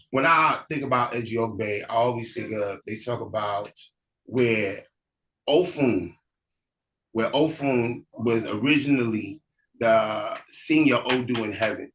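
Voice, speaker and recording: A man, a priest, teaching and telling a story in a relaxed, conversational way. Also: mid-range voice, poor audio. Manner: relaxed, conversational, with frequent restarts.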